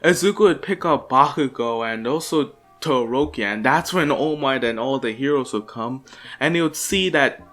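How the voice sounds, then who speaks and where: A man's voice: mid-range voice, fairly bright tone. A young man casually improvising a fan story, rambling with fillers and restarts. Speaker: channel host.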